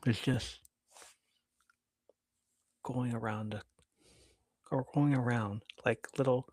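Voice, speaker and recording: Man podcast host, storytelling, jumps between loud and hushed, very dry close mic. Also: medium pitch, slow pace, pauses often, dry recording. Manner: animated, swings between loud bursts and hushed asides, swears freely. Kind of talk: casual storytelling. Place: live podcast studio.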